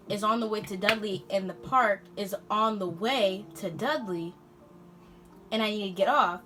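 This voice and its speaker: A teenage girl vlogger telling a storytime in an animated, slangy way. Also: medium pitch. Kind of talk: storytime vlog.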